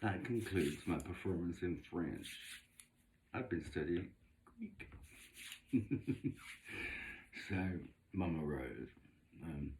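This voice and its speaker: A man's voice: low voice, lively intonation, slow pace, long pauses, a little mellow, slight background noise. A man giving a chatty, gossipy vlog monologue while drawing tarot cards, with camp theatrical asides. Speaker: vlogger doing tarot readings. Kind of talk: casual rambling monologue.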